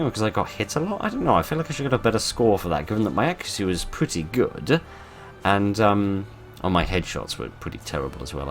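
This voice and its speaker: A man narrating a game playthrough, with theatrical polite exasperation that swings from loud outbursts to quiet murmurs. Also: sits low. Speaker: gaming video host. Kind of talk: let's play commentary.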